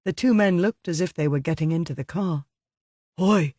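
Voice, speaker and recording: Male audiobook narrator, measured delivery, slightly raised pitch, dry sound. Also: warm tone, dry recording. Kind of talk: scripted narration.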